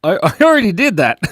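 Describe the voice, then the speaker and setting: A man's voice: high voice, fairly bright tone, no room sound, clean studio sound. A cheerful, chatty man hosting a live drawing stream, constantly thanking viewers, on a clip-on mic. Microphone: clip-on lapel mic.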